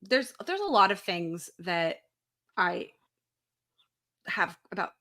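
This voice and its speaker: A woman's voice: lowish voice, sing-song, takes it slowly, fairly bright tone. A young adult woman co-hosting a casual podcast chat, blunt and sweary, poking fun at a movie. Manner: blunt, sweary, mocking voices of characters. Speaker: podcast co-host.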